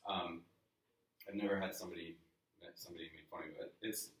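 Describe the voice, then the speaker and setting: Man, low voice, from the New York area, workshop presenter, casual coaching talk, echoey room, distant mic. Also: steady tone, quick pace, fairly bright tone, slight background noise. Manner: conversational coaching, asks the room questions. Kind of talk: live sales training talk. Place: office meeting room with a live audience.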